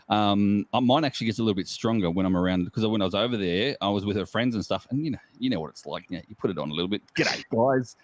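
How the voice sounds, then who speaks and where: A man from Australia with an Australian accent, chatting as a guest in a casual online group chat, rambling and jokey with frequent laughs. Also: lowish voice. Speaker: guest geocacher.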